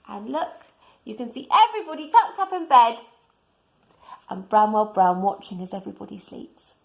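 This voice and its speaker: A woman reading a children's storybook aloud in a gentle way, pointing out the pictures to young listeners. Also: on the high side, expressive, normal speed, creaky, rough recording.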